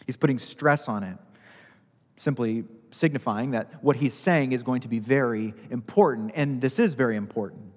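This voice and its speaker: A man's voice: mid-range voice, normal speed, in a large hall. A male pastor preaching a sermon, repeating key phrases for emphasis.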